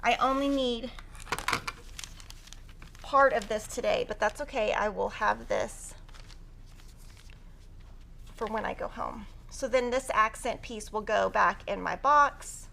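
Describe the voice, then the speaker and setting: A woman's voice: a little high, slow pace, creaky, pauses often, fairly bright tone, a little hiss or hum. A woman teaching a quilting tutorial on a live stream, chatty and upbeat as she talks through cutting fabric. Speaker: quilting instructor.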